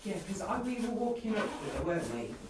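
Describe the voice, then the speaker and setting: A woman's voice: medium pitch, sing-song, brisk. A woman chatting casually and recounting earlier ghost hunts. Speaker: paranormal investigator. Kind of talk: casual chat and storytelling. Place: abandoned farmhouse indoors. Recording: echoey room from far off, faint hiss.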